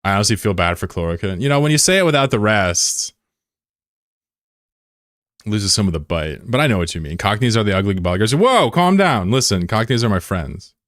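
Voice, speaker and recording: A man's voice: lowish voice, lively intonation, brisk, a bit bright, no room sound, studio quality. A man streaming his reaction to a video, making crude jokes in casual banter.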